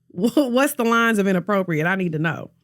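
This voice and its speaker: A woman's voice: mid-range voice, animated, moderate pace, fairly bright tone. A woman hosting a podcast in casual gossip chat, candid, playful and openly profane. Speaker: podcast host.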